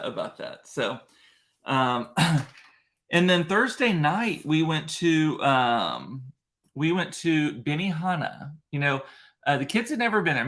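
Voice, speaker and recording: A man's voice: fairly high pitch, a bit bright. Male livestream host, casual and rambling, chatty and emotional, speaking into a computer mic. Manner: rambling, emotional storyteller with frequent fillers and restarts. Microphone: computer mic in front of a ring light.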